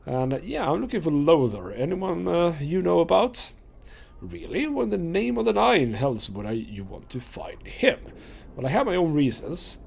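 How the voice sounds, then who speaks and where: A man's voice: fairly high pitch, very animated, normal speed, vocal fry, husky. A man hosting a let's play, chatting casually and reading game dialogue aloud. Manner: chatty, rambling with fillers.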